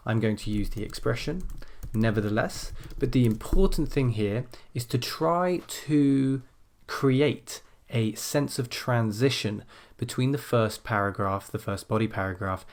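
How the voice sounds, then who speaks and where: A man teaching an essay-writing lesson, calmly explaining and stressing key phrases as he types. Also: fairly low pitch. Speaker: language teacher.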